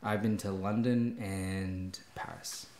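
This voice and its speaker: Young Australian man, podcast guest. Low voice, soft-spoken, echoey room. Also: fairly even intonation, slow pace. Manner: soft-spoken, short answers with many "mm" and "yeah". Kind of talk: casual interview chat.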